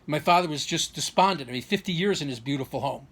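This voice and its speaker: A man's voice: on the high side, lively intonation, fast, a bit bright. A middle-aged man telling a personal story in an aggrieved, rambling way, full of restarts and rhetorical questions. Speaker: vlogger.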